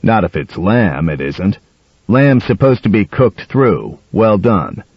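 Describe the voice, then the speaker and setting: A man's voice: on the low side, big pitch swings, takes it slowly, slightly rough, no echo, heavily acted. A man voicing a blunt, grumbling husband, in a dull, dry audiobook recording.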